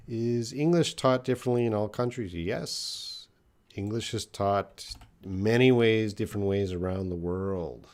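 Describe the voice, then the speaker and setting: In a live English lesson, the teacher, a man with a slightly low voice, reads questions from viewers one by one. He thinks through his answers out loud, keeping them plain and hedging with fillers.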